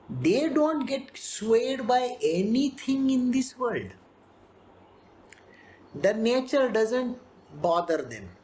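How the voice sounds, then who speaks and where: A spiritual teacher gives an animated scripture discourse, acting out characters and laughing often. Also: high-pitched.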